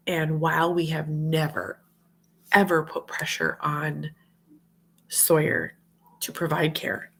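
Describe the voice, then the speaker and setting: In a home livestream, a mom vlogger in her thirties talks to viewers in an earnest, heartfelt, rambling way. A slight cold leaves her low voice gravelly and a bit rough, and her chat stays casual.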